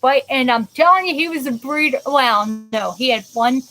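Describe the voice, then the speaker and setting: A woman's voice: sits high, moderate pace, bright, forceful tone, low-quality recording. A woman hosting a live chat show, talking in a rambling, chatty way with many restarts and stopping to greet viewers by name. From United States. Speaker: host of a live interactive show. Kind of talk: casual live-stream chat.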